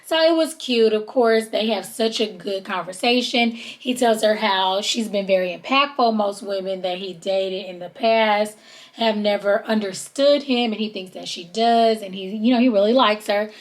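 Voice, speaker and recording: Chatty woman podcast host. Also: moderate pace. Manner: chatty, drawls "honey" and "child", mimics people in high voices. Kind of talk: casual recap chat.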